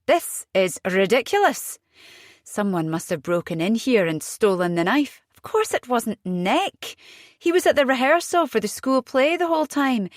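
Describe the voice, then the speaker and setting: A woman's voice: on the high side, no room sound, studio quality, voice pushed up. Woman voicing a weary exasperated husband. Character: weary, defensive husband and father.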